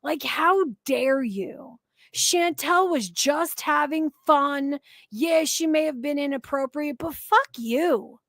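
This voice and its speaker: A high-voiced woman rants through angry live-stream commentary, swearing freely and scolding the people she talks about. Her delivery is slow and deliberate, and the sound is dry and close. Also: creaky, fairly bright tone, dry recording. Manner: profane, ranting, heated.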